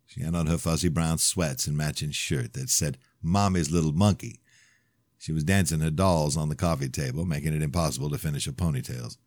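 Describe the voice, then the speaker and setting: A man reading a first-person audiobook with an expressive, plainspoken delivery on a close mic. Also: a bass voice, fairly quick, no room sound. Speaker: audiobook narrator.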